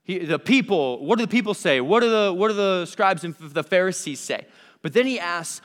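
A man's voice: sits high, animated, moderate pace, fairly bright tone, in a large hall. A man giving a conversational sermon, thinking aloud with restarts and asking questions of the text. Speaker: preacher.

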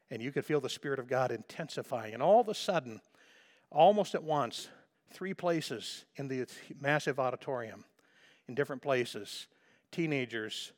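A man preaching a sermon as a pastor, fervent and emphatic, repeating phrases for emphasis. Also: medium pitch.

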